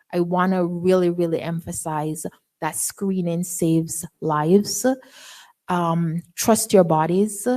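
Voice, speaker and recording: A woman physician giving an earnest presentation, pausing often with fillers. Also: fairly low pitch, darkish tone. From Canada. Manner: earnest, many filler pauses. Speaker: physician speaker. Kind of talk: presentation talk.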